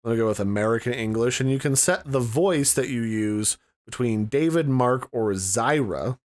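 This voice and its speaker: A man with a medium-pitched voice, speaking at a normal pace, hosts a casual screen-recorded tutorial. He rambles conversationally, thinking aloud as he explains.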